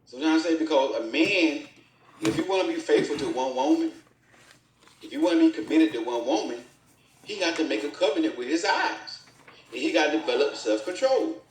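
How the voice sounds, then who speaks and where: A man's voice: fairly high pitch, expressive, brisk, distant mic, a little hiss or hum. A man co-hosting a casual relationship talk, speaking in an earnest, preachy way and quoting scripture. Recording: roomy, off-mic.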